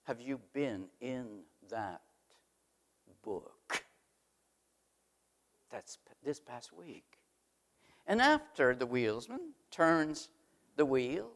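A man's voice: on the high side, very animated, slow, pauses often. Man preaching with dramatic volume swings. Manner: dramatic swings from loud emphasis to hushed asides; rhetorical questions to the congregation. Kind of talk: sermon.

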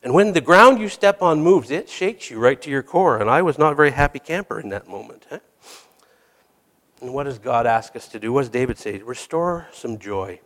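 A man's voice: medium pitch, animated, brisk, fairly bright tone. A middle-aged man delivers a sermon in a candid, storytelling manner and makes fun of himself now and then. His voice sits in a middle register. A long hall reverb hangs behind every phrase. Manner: candid, storytelling, self-deprecating with small laughs. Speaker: hospice chaplain and preacher.

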